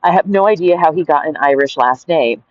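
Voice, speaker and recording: A woman's voice: low-pitched, animated, a little fast, dry recording. A woman reading her own anecdote aloud and breaking off into rambling, giggly asides full of fillers. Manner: digressive, giggly, many "like" and "right?" fillers. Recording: dull lo-fi home recording.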